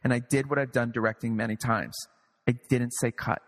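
A man who is a playwright and director, guest in a casual interview, telling lively anecdotes with some swearing and acting out other people's lines. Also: medium pitch, brisk, in a large hall. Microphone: video call.

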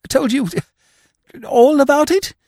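A man voicing an excitable, flustered young aristocrat who bleats his exclamations high and loud. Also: rapid-fire, dry recording, clean studio sound, natural voice. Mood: excited.

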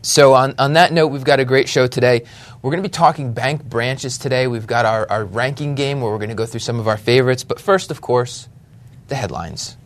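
A man co-hosting a casual finance chat show, bantering and stumbling through quick restarts. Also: medium pitch. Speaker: podcast co-host.

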